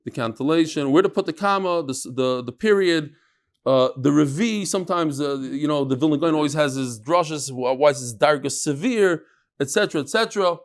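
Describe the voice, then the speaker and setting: Brisk and lively in intonation, this middle-aged man's voice runs on the high side as he teaches his daily Talmud class. His style is informal, using Hebrew and Aramaic terms, with many restarts and side remarks.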